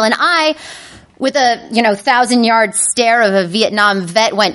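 A woman telling a funny personal story to an audience, animated and self-mocking, acting out her own panicky inner voices. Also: moderate pace, a little hiss or hum. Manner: acts out her inner voices with sudden high-pitched panic.

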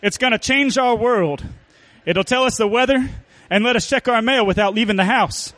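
Gruff, folksy Dust Bowl farm dad, high and bright, as a storyteller puts him on. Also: male voice, moderate pace, no room sound. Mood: proud. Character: gruff rural Dust Bowl father, excitable.

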